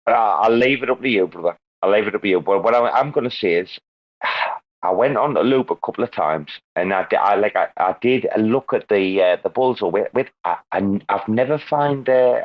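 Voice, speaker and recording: A man's voice: lowish voice, lively intonation, moderate pace, muffled recording. A man, chatting casually outdoors at night, swearing a lot and rambling with slangy restarts. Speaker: regular on a live crypto audio show. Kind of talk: casual chat.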